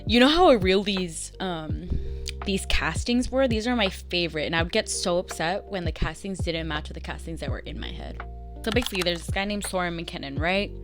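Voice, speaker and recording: A woman's voice: fairly low pitch, fairly quick, over music. Chatty young woman recapping stories. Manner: chatty, animated, acts out dialogue in bursts. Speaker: vlogger reading fanfiction aloud. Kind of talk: casual reading and recap.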